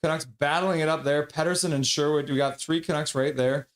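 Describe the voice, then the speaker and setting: A man with a fairly high voice narrates a hockey game play by play for a live stream. He calls each pass and save in a steady commentary rhythm and speaks straight to his viewers. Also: brisk. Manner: reads viewer chat aloud, excitable.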